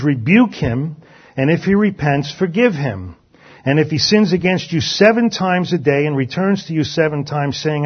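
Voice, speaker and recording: A male pastor preaching a sermon, reading scripture aloud with lively emphasis. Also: fairly high pitch, husky. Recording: dull lo-fi sound.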